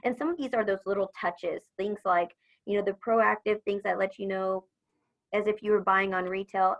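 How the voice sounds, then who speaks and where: A chatty woman talks business with upbeat energy. Her voice sits at an ordinary middle pitch, and the recording sounds a little dull and lo-fi. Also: steady tone, normal speed. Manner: upbeat, chatty, acts out phone greetings. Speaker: supplier customer service leader. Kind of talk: business podcast interview.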